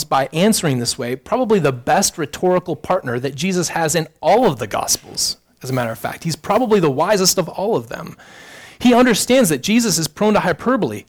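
A man preaching a sermon as pastor, addressing the congregation directly with earnest rhetorical questions. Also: sits high.

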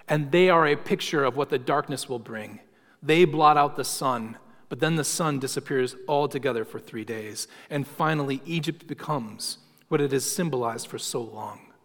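A man preaching a sermon, telling stories and slowing down for emphasis. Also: mid-range voice, a bit bright. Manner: storytelling, emphatic with slowed dramatic phrases. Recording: long hall reverb.

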